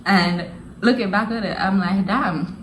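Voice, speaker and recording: A woman's voice: lowish voice, animated, moderate pace, a bit bright. Young woman vlogger, laughing storyteller, slangy, roomy echoing room. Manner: laughing often, slangy, addresses viewers as y'all. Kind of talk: casual storytime. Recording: roomy echo, faint noise.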